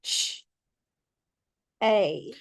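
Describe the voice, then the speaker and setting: A woman's voice: drawn-out words, no room sound, poor audio. A woman with an Australian accent, a student carefully sounding out words in a phonics lesson.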